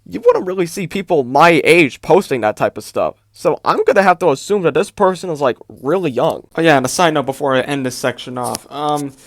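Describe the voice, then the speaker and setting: A man's voice: on the high side, lively intonation, fairly quick, few pauses, no echo. A man giving a casual, exasperated commentary rant, full of "like" and "bro". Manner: exasperated, fills talk with "like" and "bro". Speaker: YouTube commentator.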